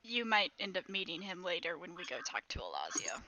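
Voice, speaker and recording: A woman playing a tabletop game, animated and coaxing as she describes her character. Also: fairly low pitch, brisk, low-quality recording. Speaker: player. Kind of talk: tabletop role-play.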